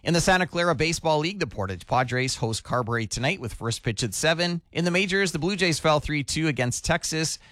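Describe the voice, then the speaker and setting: Man, radio news anchor, measured scripted read, dry close sound. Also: on the high side, dry recording. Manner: steady, measured news delivery. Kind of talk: scripted newscast reading.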